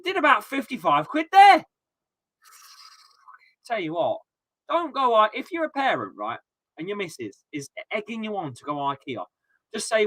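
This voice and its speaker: Animated ranting man on a stream. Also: high-pitched, normal speed, long pauses, no echo. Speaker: football watchalong streamer. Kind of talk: casual live-stream chat.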